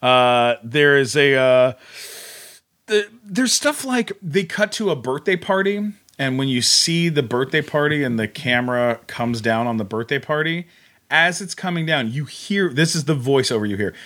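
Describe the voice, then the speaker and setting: A man, a podcast guest in casual chat, retelling something with animated, incredulous energy and quick asides. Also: medium pitch.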